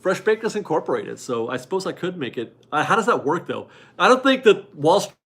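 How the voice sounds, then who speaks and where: A man's voice: high voice, big pitch swings, fairly quick, fairly bright tone, husky. A man in his forties hosting a casual live stream from his garage, chatty and upbeat as he reads viewer donations aloud and laughs often. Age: 40s. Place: home garage.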